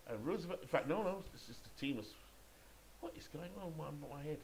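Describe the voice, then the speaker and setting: A man's voice: fairly high pitch, animated, fairly quick, vocal fry, slight background noise, low-quality recording. A British man calling play-by-play for a baseball video game he is playing, chatting and thinking aloud between calls. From Great Britain. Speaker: gamer and play-by-play caller.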